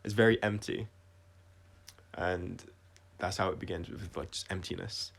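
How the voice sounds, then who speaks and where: A man talking through his own songs on a casual livestream, reflective and halting, often restarting his sentences and trailing off quietly. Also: sits low, fairly even intonation, creaky, slightly rough. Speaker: singer-songwriter explaining his songs.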